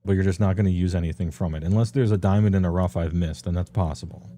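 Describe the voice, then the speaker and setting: A man with a deep, very dark and mellow voice talks through game books in a loose, rambling stream. He is offhand and chatty, pausing on ums and laughing at his own asides. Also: steady tone. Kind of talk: casual rambling commentary.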